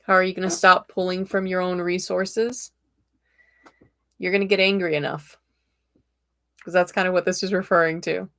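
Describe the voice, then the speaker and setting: A woman's voice: lowish voice, level tone, moderate pace, pauses often, fairly bright tone. A woman host giving live-streamed tarot readings in a chatty, direct and encouraging way, with a tickle in her throat.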